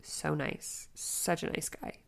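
A young woman co-hosting a podcast in casual chat, telling a story with lively, acted-out quotes that jump up in pitch. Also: slow. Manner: animated storytelling, acting out quoted lines in a raised voice. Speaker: podcast co-host.

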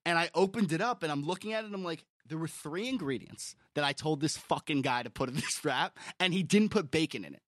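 A young man tells an animated story on a podcast, cursing and restarting as he gets worked up. He is getting over the flu and sounds a little sweaty. His voice sits a bit high and is recorded close and dry. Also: no echo. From Long Island. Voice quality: animated storyteller, swears often, quick restarts. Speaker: podcast co-host. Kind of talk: casual chat.

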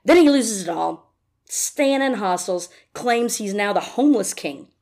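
A woman of mid-range pitch hosts a chatty podcast recap. She is sarcastic and swears freely, tossing off her opinions as she goes. The delivery is loose and conversational. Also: lively intonation, unhurried, a little mellow. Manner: sarcastic, profane. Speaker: podcast host. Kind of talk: casual recap.

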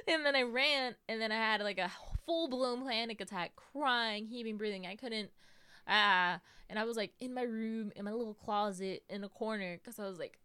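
A woman's voice: fairly high pitch, moderate pace, bright, forceful tone, smooth, dry recording. A young American woman chatting casually as a podcast host, telling stories with lots of "like" and "you know". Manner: acts out quotes in a raised voice. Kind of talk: casual chat.

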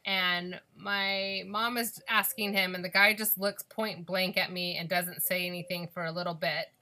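A young woman telling a story in casual conversation, animated and acting out the voices of the people she quotes. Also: on the low side, moderate pace.

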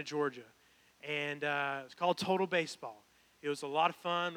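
A young pastor preaches a personal, earnest sermon that builds toward emphatic altar calls. His voice sits fairly high, pushed and bright.

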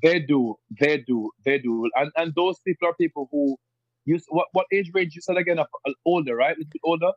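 A man's voice: on the high side, a little fast, no room sound. A man from rural Jamaica with a Jamaican accent, a podcast guest talking casually and animatedly, often repeating himself as he explains. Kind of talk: casual interview chat. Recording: dull lo-fi sound.

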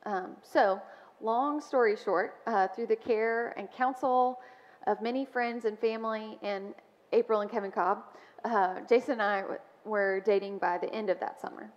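A woman's voice: mid-range voice, steady tone, moderate pace. A woman sharing a personal testimony in church, speaking in a storytelling way with frequent ums. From Mobile, Alabama. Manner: warm storytelling with frequent ums and soft laughs. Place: church sanctuary. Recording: dull sound with long church reverb.

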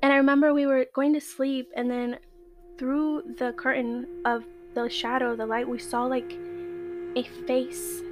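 A woman, a guest, telling a true scary story in casual, slangy talk, excitable and now and then swearing or dropping into Spanish. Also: sits high, normal speed, noisy background.

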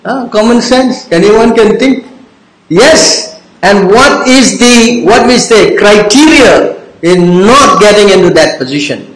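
A man with a high-pitched voice leads a devotional class in an echoey room. He keeps quizzing the listeners, teasing them and repeating his questions until someone answers. His delivery is informal and repetitive. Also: lively intonation, takes it slowly. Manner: keeps quizzing the audience with "yes? understand?". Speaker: religious teacher.

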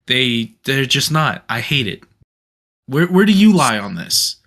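A man's voice: medium pitch, sing-song, a little slow, fairly bright tone. A man co-hosting a casual gaming podcast, blunt and opinionated, often restarting his sentences. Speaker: podcast co-host.

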